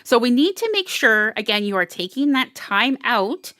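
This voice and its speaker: A woman's voice: fairly high pitch, very animated, normal speed, bright, forceful tone, no echo. Chatty lady doing a tarot reading, rambly, dry close mic. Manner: chatty, rambling, frequent laughs and restarts. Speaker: tarot reader. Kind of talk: casual intuitive tarot reading.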